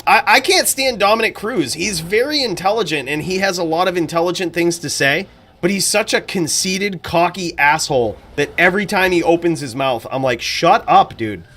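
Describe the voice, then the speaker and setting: A man's voice: sits high, fairly quick, fairly bright tone. A man hosting a live stream, chatting bluntly and profanely, then calling game fights. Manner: casual, profane, blunt opinions. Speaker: streamer and commentator.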